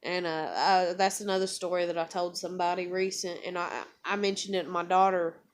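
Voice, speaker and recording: A woman's voice: lowish voice, little pitch movement, a little fast. A middle-aged woman telling a personal story in a rambling, profane, casual way. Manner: rambling, profane, many fillers. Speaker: vlogger.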